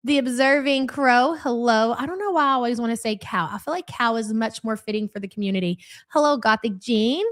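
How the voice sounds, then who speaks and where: A woman's voice: a little high, brisk. A woman hosting a live stream, greeting chat names one after another in a brash, teasing, casual way. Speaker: livestream host.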